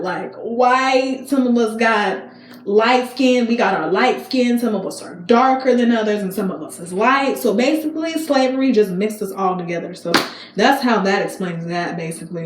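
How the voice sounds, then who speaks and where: A woman vlogger telling a story in a chatty, slangy way, talking straight to her viewers with emphatic repeats. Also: medium pitch. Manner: animated, emphatic repetition. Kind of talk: casual storytime. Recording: echoey room with faint hiss.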